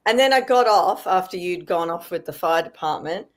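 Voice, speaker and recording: A woman's voice: on the low side, animated, moderate pace. A woman guesting on a podcast, chatting casually and hesitantly. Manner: hesitant, filler-heavy. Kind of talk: casual chat.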